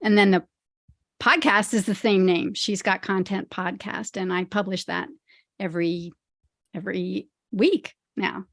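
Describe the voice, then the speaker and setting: A woman's voice: medium pitch, steady tone, a little slow, vocal fry, dry recording, clean studio sound. A friendly, chatty woman speaking as a podcast guest, who laughs easily. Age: older. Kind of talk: casual interview chat.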